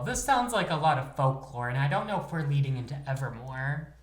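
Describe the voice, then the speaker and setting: A woman's voice: rumbling low, lively intonation, fairly quick, roomy sound. A woman co-hosting a podcast, reacting with crude jokes and plenty of swearing. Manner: crude, joking, swears freely. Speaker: podcast co-host. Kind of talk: casual chat.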